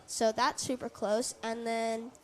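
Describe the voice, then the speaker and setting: A woman's voice: on the high side, little pitch movement, slow. A young woman co-commentating a live surf contest, speaking casually with lots of fillers.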